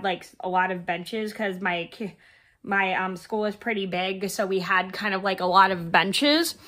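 A woman's voice: mid-range voice, a bit bright. Scratchy-voiced woman with a cold. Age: 30s. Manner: rambling, many fillers and restarts. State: hoarse from a cold. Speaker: vlogger. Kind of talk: casual storytime while crocheting.

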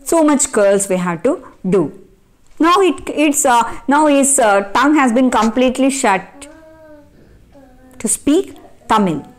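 A woman's voice: high voice, lively intonation, takes it slowly, long pauses. A woman teaching an English textbook lesson with an Indian English accent, asking herself questions and answering them, repeating key phrases. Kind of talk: classroom lecture explaining a textbook lesson.

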